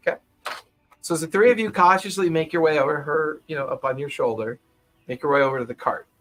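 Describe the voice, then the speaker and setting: A man narrating as game master in a tabletop game, describing scenes at an unhurried pace and chuckling often. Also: fairly high pitch, a bit bright, low-quality recording.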